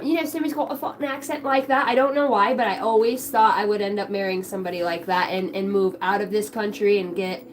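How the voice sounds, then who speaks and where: A woman's voice: mid-range voice, low-quality recording. A middle-aged woman hosting a tarot livestream, chatting casually, swearing often and jumping between chat comments. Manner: profane, scattered, reads chat aloud.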